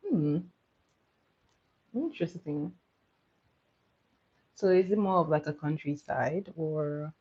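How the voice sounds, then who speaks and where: A woman's voice: low-pitched, slow, long pauses, dark tone, husky. A young woman doing a casual livestream makeup tutorial, chatty, laughing often and asking her viewers questions. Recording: dull lo-fi audio.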